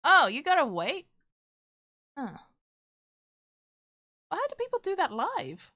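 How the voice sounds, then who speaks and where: A woman's voice: extremely high pitch, wildly swooping pitch, slow pace, bright, forceful tone, dry recording, studio quality. A woman streamer chatting casually with her live chat while she draws, joking and self-deprecating.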